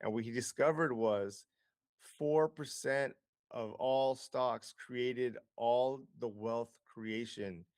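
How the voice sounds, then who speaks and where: A man's voice: mid-range voice, takes it slowly, darkish tone, dry recording, studio quality. A man as an interview guest, explaining investing with lots of figures, fillers and restarts. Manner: explanatory, data-heavy, frequent fillers and restarts.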